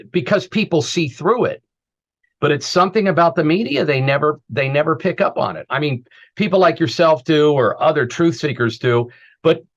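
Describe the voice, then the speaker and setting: A man raised in the southern United States, hosting an interview and talking in a rambling way with restarts. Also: fairly high pitch. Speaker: show host. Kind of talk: casual interview chat. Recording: dull lo-fi sound.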